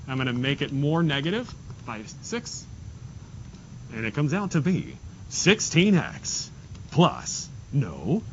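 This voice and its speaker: A male math teacher working through problems with his class step by step and making joking asides. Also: a little high. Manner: talks students through steps, jokey asides. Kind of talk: classroom lesson. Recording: dull lo-fi classroom recording with faint hiss.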